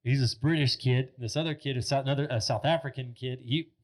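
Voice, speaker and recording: A man's voice: mid-range voice, fast talker. Rambling man in his thirties, casual storyteller. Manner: animated, rambling, heavy filler words, swears freely. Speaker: podcast guest. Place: podcast studio.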